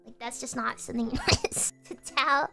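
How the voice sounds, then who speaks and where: A high, bright woman's voice telling a story on a stream, quick to laugh and to shriek. She swears freely and keeps the telling animated. Faint music plays underneath. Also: gravelly.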